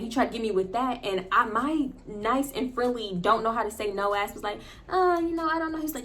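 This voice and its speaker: A woman vlogger telling a personal story in a casual, animated way, often turning to her viewers and laughing. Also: a little high, quick pace.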